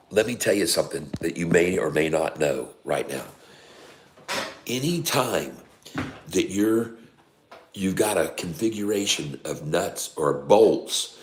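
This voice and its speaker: Speaking in a low register, a middle-aged man who streams day trading reacts to the charts live with folksy excitement, exclaiming often and constantly turning to chat with his viewers.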